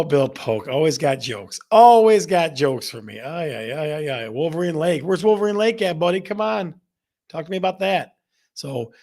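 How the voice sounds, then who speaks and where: A man's voice: mid-range voice, darkish tone. A middle-aged man hosting a casual real estate show, chatting loosely, repeating himself and tossing questions to his audience. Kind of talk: casual live-stream chat reading viewer comments.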